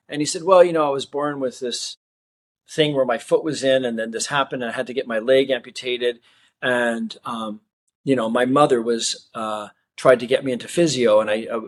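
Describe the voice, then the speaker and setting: Middle-aged male magician from Australia, relaxed interview storyteller, average pitch, lively quoted dialogue. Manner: animated storyteller who acts out quoted dialogue. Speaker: magician guest.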